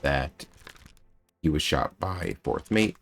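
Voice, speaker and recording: A man's voice: very deep voice, expressive, slow pace, vocal fry, music in the background. A man with a General American accent, streaming a game playthrough and thinking aloud as he works through clues. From United States. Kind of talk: live game playthrough commentary.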